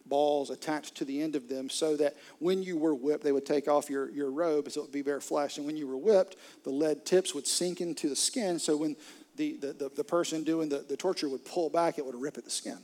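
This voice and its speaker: A man preaching a sermon, retelling a story with dramatic swings from hushed near-whispers to loud outbursts. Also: on the high side. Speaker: pastor.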